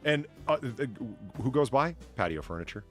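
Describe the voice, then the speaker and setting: A tired man hosting a casual stream chat, rambling with many restarts and swinging between loud and quiet. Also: medium pitch, expressive, normal speed, soft background music. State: tired from little sleep. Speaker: podcast host.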